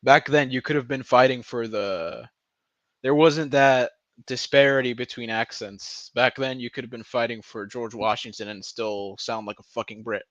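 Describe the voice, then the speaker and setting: A young man chatting casually to his stream, rambling and swearing, breaking into loud laughter. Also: mid-range voice, steady tone, moderate pace, no echo. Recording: dry, slightly muffled lo-fi audio.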